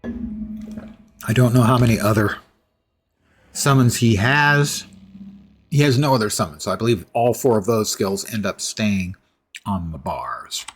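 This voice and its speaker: A man's voice: on the low side, a little slow, pauses often, slightly rough. A man streaming a game, thinking aloud in a casual, musing way. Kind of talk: casual gameplay commentary.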